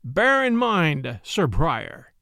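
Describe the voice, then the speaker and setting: A proud knight brought low, read by a man who voices him, speaking in solemn, archaic phrases. His voice sits high and moves a lot, with a gravelly edge, recorded close and dry. It sounds like a classic storybook reading. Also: wildly swooping pitch, very slow, bright, forceful tone, no echo, full character voice. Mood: stern. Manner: solemn, pleading then stern. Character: proud wronged knight, older man, stern.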